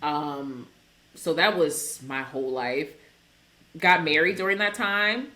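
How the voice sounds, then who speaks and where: A woman's voice: low-pitched, slow pace. A woman in her thirties, a clinical psychologist, talking candidly on a video call and acting out voices in her stories. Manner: animated, laughs, acts out quoted voices. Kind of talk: candid conversational storytelling.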